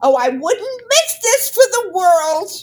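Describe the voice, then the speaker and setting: A woman playing an effusive elderly great aunt in a comedy sketch, talking loudly and gushing. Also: very high-pitched, big pitch swings, full character voice. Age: older. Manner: loud, gushing, drawn-out.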